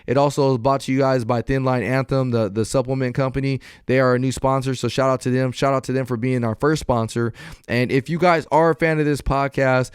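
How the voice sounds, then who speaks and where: A man of middle pitch with a smooth, resonant voice hosts a podcast in easy conversation. He talks earnestly and encouragingly to his listeners. The sound is dry and close, with no room echo. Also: fairly even intonation, brisk. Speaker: podcast host. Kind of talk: casual podcast chat.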